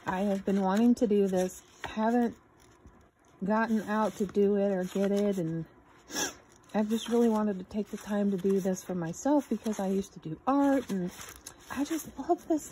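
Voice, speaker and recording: A woman's voice: mid-range voice, mellow, a little hiss or hum. A woman hosting her own channel, gushing and exclaiming as she unboxes a gift box. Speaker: channel host. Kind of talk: unboxing vlog.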